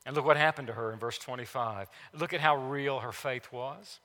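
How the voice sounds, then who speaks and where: The sound is big-room: a male pastor preaching in a church sanctuary, mid-range voice at normal speed. He's emphatic, repeats key phrases, and swings between loud declarations and whispered asides.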